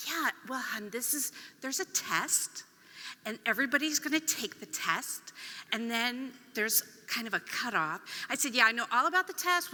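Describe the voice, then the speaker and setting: A middle-aged woman giving a storytelling talk on stage, acting out the voices of the people in her story. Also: mid-range voice. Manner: animated, acts out quoted voices. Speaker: conference speaker; speech pathologist. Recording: long reverb of a hall.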